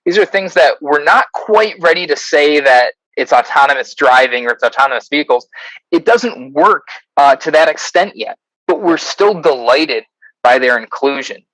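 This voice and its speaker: A man's voice: a little high, animated, moderate pace, a bit bright, no room sound, rough recording. Midwestern man explaining in a dry sound. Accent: Midwestern American. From American Midwest. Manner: explanatory, many ums and uhs, self-corrects. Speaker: guest, consultant and author. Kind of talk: explaining concepts in conversation.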